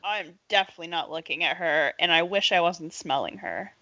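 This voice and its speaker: A woman's voice: lowish voice, brisk, pushed and bright, lo-fi sound, slight background noise. A woman playing a tabletop game, dry and playful, reading rules aloud. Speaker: player.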